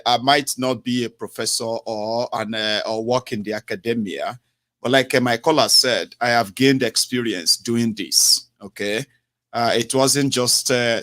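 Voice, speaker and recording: A man's voice: mid-range voice, a bit bright. Man hosting a call-in show. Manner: expansive, repeats himself, tags lines with "eh?" and "you know". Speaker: radio call-in host. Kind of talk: radio call-in talk. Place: home radio studio.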